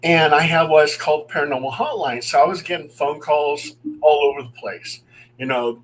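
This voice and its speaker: Animated storytelling man, higher voice. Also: moderate pace, a little hiss or hum, low-quality recording. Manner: animated, acts out voices in his stories. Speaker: paranormal investigator telling stories. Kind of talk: casual storytelling on a talk show.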